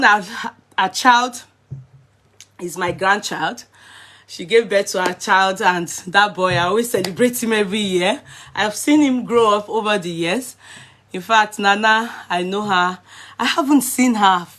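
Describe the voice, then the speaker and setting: A woman's voice: mid-range voice, fairly bright tone. A middle-aged woman, chatting casually on a live stream, greeting viewers by name and slipping into Yoruba.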